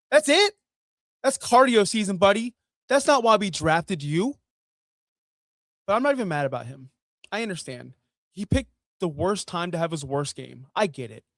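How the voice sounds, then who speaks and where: A man's voice: high voice, dry recording. Exasperated man ranting in a dry room. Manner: exasperated, sarcastic, swings between loud outbursts and muttering; profane. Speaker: fantasy football show host. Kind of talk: ranting sports commentary.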